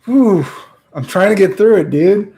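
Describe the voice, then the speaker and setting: A man streaming live, trying to read aloud and repeatedly breaking into helpless laughter, speaking slowly and haltingly between fits. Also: high-pitched, animated, vocal fry, warm tone.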